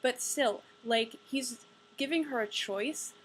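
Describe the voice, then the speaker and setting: A woman's voice: a little high, slow pace, slight background noise, rough recording. Exasperated, sarcastic young woman. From United States. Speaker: book reviewer vlogger. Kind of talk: casual ranting book review.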